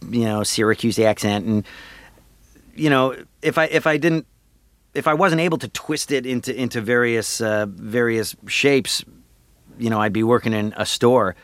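A man, a voice actor and comedian, talking in a casual interview with animated, jokey delivery and lots of filler words. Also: medium pitch, normal speed, no echo.

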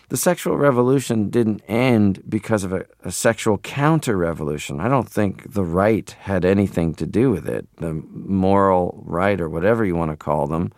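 A man's voice: on the low side, gravelly, darkish tone, no echo, studio quality. A man in his forties from Canada, a guest in a radio interview, talking playfully and rambling into funny voices.

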